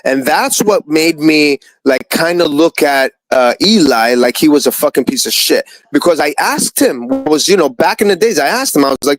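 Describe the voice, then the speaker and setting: A man venting in a heated live-stream chat, cursing and circling back to the same grievance. His voice sits fairly high and swings widely as he talks, and the sound is dry and close. He keeps pressing his point with repeated questions. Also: lively intonation, normal speed, few pauses, no echo, low-quality recording. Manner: profane, ranting, repeats himself. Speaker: stream participant.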